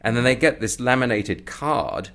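A man telling a comic story as an interview guest, acting out the voices of the people in it. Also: moderate pace. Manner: animated storyteller, acting out voices with rising pitch. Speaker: comedy performer and guest. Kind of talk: anecdotal storytelling.

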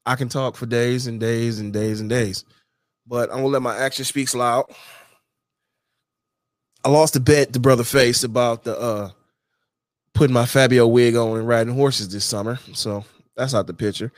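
A man rambling in a loose, slangy monologue, leaning on the same catchphrase over and over. His voice sits at a middle pitch and sounds dry and close to the mic, with no room around it. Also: steady tone, moderate pace, pauses often, no echo. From Detroit, USA. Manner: slangy, repeats "you know what I'm saying". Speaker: vlogger. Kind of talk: casual monologue to camera.

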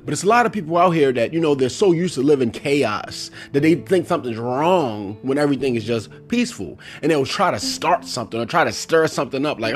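A man's voice: medium pitch, brisk, few pauses, faint music behind. A middle-aged man hosting a casual solo podcast, talking animatedly and acting out movie lines. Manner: animated, quotes movie lines in put-on voices. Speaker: podcast host.

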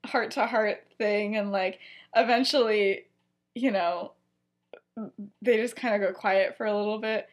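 A woman's voice: medium pitch, fairly even intonation, measured pace, pauses often. A young woman co-hosting a podcast, casually retelling a fan story in a rambling way, full of "like" and "you know", acting out the characters' lines as she goes. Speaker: podcast co-host.

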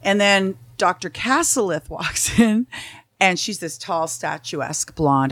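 A woman's voice: medium pitch, a little slow, dry recording. A middle-aged woman, a podcast guest, telling her own stories in casual chat, blunt and profane, acting out the people she quotes. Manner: blunt, profane, animated storytelling.

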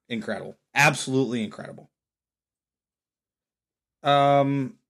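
A man hosting a casual solo podcast, hoarse from screaming, telling stories with lots of laughter. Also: fairly high pitch. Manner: animated storyteller, laughs often. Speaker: podcast host.

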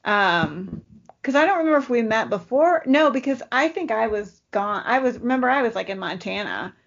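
A woman's voice: on the high side, animated, moderate pace, gravelly, muffled recording. A woman co-hosting a podcast, chatting casually and rambling with lots of fillers. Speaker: podcast co-host. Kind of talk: casual chat.

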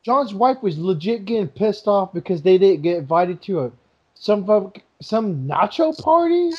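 A man's voice: sits high, very animated, normal speed. A man in a casual, profane chat with friends, telling stories and mimicking people. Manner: swears a lot, mimics people in quoted voices. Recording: dull lo-fi sound.

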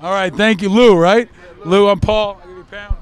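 A man hosting a podcast, interviewing passersby on a city street with quick joking banter. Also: sits high, steady tone, clean tone.

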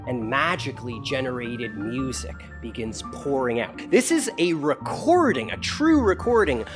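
A man narrating as game master in a playful, animated way. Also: mid-range voice, moderate pace, over music.

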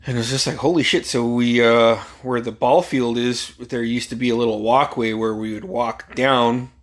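A man's voice: medium pitch, little pitch movement, normal speed. A man in his forties from Alaska, telling a rambling, profane anecdote and chuckling often. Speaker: storyteller.

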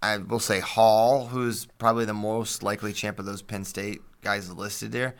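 A man co-hosting a casual sports podcast, reading listener questions and recounting matches with animated detail. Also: lowish voice, normal speed. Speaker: podcast co-host.

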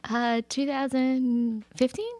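A woman's voice: high voice, slow pace, slight background noise. A woman from Texas, a podcast guest, telling playful stories with lots of filler words. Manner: playful, animated storyteller with many fillers. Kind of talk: casual podcast interview.

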